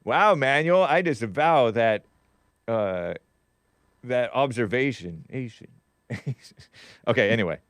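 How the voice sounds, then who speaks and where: A man's voice: mid-range voice, lively intonation, slow pace, long pauses, fairly bright tone, dry recording. A man hosting a live talk stream, reading viewer chats with a wry tone and frequent laughs. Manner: wry, laughs often, trails off and restarts. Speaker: show host.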